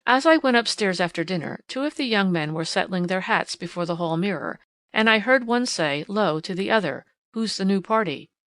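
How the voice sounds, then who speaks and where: Female audiobook narrator, first-person storytelling, expressive but measured, dead-dry studio sound. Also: lowish voice, no echo.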